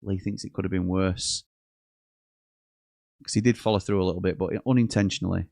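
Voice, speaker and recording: Man, live match watchalong host, low voice, dry close sound, jokey and chatty. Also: fairly even intonation, brisk, vocal fry, darkish tone, no room sound. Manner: chatty, jokey, reads out messages and chuckles often. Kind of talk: live casual commentary reading viewer chat.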